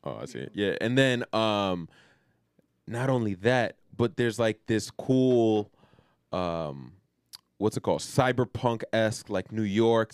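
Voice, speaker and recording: A man's voice: fairly low pitch, animated, takes it slowly, smooth, no echo, studio quality. A man co-hosting a podcast, talking loosely with lots of slang, fillers and swearing. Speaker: podcast co-host. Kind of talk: casual chat.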